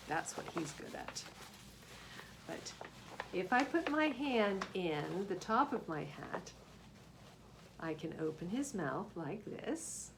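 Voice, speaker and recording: Children's read-aloud: a woman, slow, lively in pitch, faint room noise behind. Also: gravelly. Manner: expressive, gasps and asks the listeners questions. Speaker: children's story reader.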